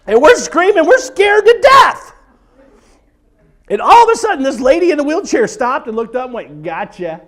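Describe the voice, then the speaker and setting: At a church event, a man in his forties does a comedy monologue, acting out tales with lively energy and slipping into song and screams. He speaks in a very high voice at a moderate pace.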